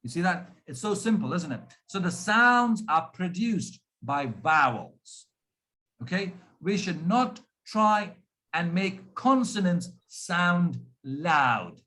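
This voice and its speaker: Indian man, RP-leaning accent, high voice; speech coach, deliberate and demonstrative. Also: lively intonation, pushed and bright. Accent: Indian English, RP-influenced. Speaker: pronunciation coach. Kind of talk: speech on pronunciation.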